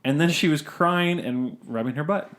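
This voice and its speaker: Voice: mid-range voice, moderate pace, fairly bright tone. A podcast co-host chatting casually with friends and reading listener ghost stories aloud, stumbling and restarting as he reads. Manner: hesitant reader with restarts and asides. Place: podcast recording session with co-hosts.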